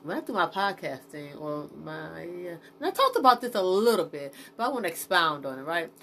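A woman's voice: on the low side, sing-song, a little fast, pushed and bright, slight background noise. Rambling, frank woman podcaster. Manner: rambling, profane, frank, with many fillers and restarts; talks to herself while checking her notes. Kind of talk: unscripted solo podcast monologue.

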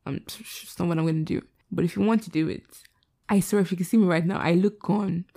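A woman's voice: fairly low pitch, fairly even intonation, fairly quick, dark tone. A young woman hosting her own podcast, chatting candidly and rambling at midnight, tired. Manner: rambling, candid, self-deprecating. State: tired late at night. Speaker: podcast host. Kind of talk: casual solo podcast chat. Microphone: laptop setup.

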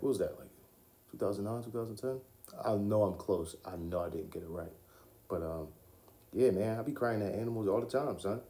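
A young man hosts his own podcast, talking about films on his own in a loose, profane way and laughing often. His voice is fairly low with a dark tone, and the recording has a roomy echo.

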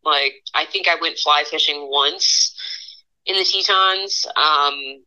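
A woman in her thirties from Pennsylvania, a guest artist telling stories in a casual interview, animated and laughing often, with lots of fillers. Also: deep voice, slow pace, highs cut off. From Pennsylvania, USA.

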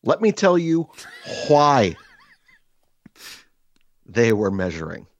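A man hosting a podcast, telling a crude comic story in an animated, rambling way with many fillers, seated across from his co-host. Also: mid-range voice, takes it slowly, no room sound, highs cut off. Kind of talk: casual comedic storytelling.

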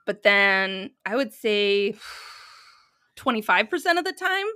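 A woman's voice: mid-range voice, very animated, bright, forceful tone, no echo, studio quality. A woman in her thirties, a podcast co-host telling stories in casual chat, laughing often. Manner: chatty, laughing storyteller, quick asides.

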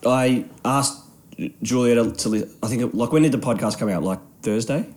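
A man co-hosting a casual podcast, telling stories with lots of swearing and mimicking people. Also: brisk. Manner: animated storytelling, swearing, mimics others in high voices. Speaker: podcast co-host.

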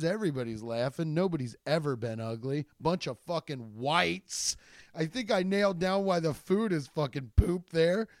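A man's voice: a little high, dry recording, studio quality. A man, a stand-up comedian, telling rambling, profane stories in a casual chat with many restarts. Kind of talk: casual storytelling podcast.

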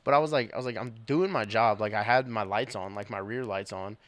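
A young man, a police officer and podcast co-host, telling stories in casual chat, animated and swearing, often laughing. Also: fairly low pitch, fairly quick, dry recording.

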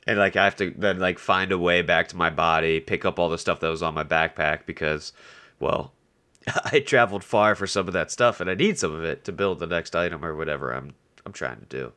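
A man's voice: sits low, a little fast, pushed and bright. A man co-hosting a casual gaming podcast, a little stuffy from allergies, who laughs often and pokes fun at himself. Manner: laughs often, self-deprecating. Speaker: podcast co-host. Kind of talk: casual chat. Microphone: video call.

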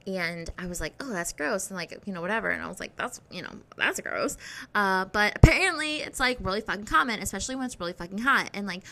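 A young woman with a bright, clear voice tells a rambling story to her viewers. She swears freely and jumps between topics with lots of filler words. Her delivery stays lively and unscripted. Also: mid-range voice. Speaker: vlogger. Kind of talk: rambling casual monologue.

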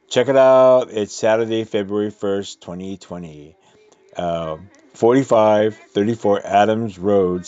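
Low-voiced man with a cold, announcing shows. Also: darkish tone, muffled recording. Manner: loose and rambling, stopping to correct himself. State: has a cold. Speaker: radio host reading community event announcements. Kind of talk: casual on-air announcements.

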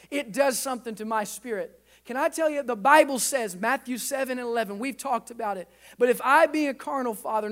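High-voiced preaching man. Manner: impassioned preaching, swelling louder at climaxes. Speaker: pastor. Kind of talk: sermon. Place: church sanctuary.

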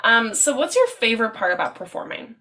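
A woman's voice: a little high, very animated, a little fast, pushed and bright. A young adult woman hosting a podcast in casual chat, leaning on "like" as a filler. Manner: filler-heavy, says "like" constantly. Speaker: podcast host.

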